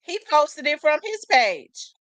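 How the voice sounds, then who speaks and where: A chatty woman host talking casually to her viewers, her voice pitched a little high. She keeps asking questions aloud as she thinks, and the sound is close and dry. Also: very animated, slow pace, a bit bright, dry recording. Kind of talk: casual live commentary.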